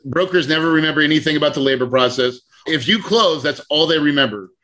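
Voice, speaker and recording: A higher-pitched man leads a class on property deals, telling the story with energy. His pitch swings widely as he acts out what each person said. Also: fast. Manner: animated storyteller, acts out quotes. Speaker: real estate coach.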